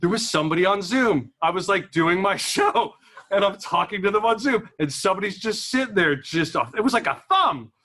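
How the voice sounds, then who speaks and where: High bright-voiced guy doing rambly standup at an office thing, laughs at his own jokes. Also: expressive, fairly quick. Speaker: stand-up comedian. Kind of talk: stand-up comedy. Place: office event room.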